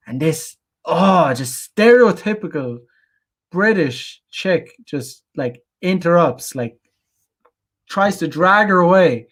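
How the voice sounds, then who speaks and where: A young adult man from Ireland, ranting in a rambling, blunt, profane way on a casual livestream and reading out chat comments. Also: on the high side. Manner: rambling, many restarts and fillers, blunt and profane. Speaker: channel host.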